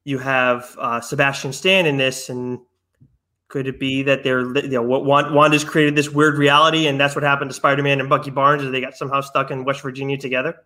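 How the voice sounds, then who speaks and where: A man's voice: medium pitch, level tone, a little fast, sharp tone. A man co-hosting a podcast in casual chat, talking in long asides that trail off and restart. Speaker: podcast co-host.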